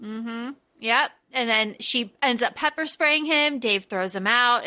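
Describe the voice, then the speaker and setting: A woman's voice: on the high side, unhurried, bright, forceful tone. A woman co-hosting a podcast, recapping a movie in casual chat, enthusiastic and laughing as she retells scenes. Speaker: podcast co-host.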